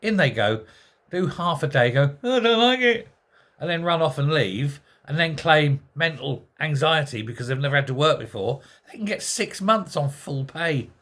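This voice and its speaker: A man's voice: a little high, lively intonation, normal speed, a bit bright. A man hosting a sarcastic, exasperated political commentary monologue full of rhetorical questions. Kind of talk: ranting monologue.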